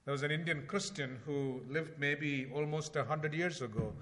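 A man preaching a sermon in a conversational way, asking rhetorical questions and swinging between loud emphasis and quiet asides. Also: fairly high pitch, moderate pace. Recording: long hall reverb.

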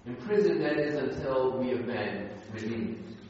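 A man preaching a sermon, deliberate and emphatic, stressing key words. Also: medium pitch, lively intonation, darkish tone, slight background noise. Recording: echoey hall, distant, dull sound.

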